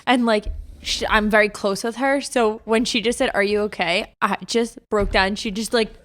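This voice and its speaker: A woman's voice: medium pitch, steady tone, normal speed, fairly bright tone. A young woman co-hosting a podcast, chatty and supportive, recounting her own experiences. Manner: chatty, frequent "like" fillers, supportive listener. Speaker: podcast co-host. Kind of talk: casual chat.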